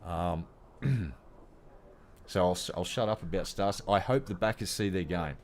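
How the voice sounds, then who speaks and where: A low-pitched Australian man in his fifties rants to camera, blunt and heavy with swearing. A faint hum of noise sits under his voice. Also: moderate pace. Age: 50s. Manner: blunt, heavily profane ranting. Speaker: gaming vlogger. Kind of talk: casual rant to camera.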